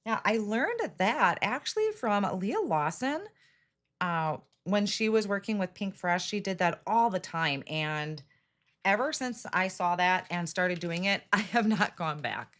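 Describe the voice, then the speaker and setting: A chatty middle-aged woman hosts a casual live card-making demo, greeting viewers by name and laughing at her own slips. Her voice is medium-pitched and fairly bright, expressive and measured in pace.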